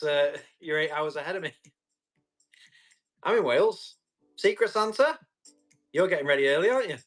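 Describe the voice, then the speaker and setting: A man with a slightly high voice runs a casual live auction, bantering with viewers and reading out their comments. He describes the tools as he tests them, talking in a loose, friendly way. Faint music plays behind him. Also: a bit bright. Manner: chatty, reads out and answers viewer comments; describes items while testing them. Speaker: live-stream tool seller.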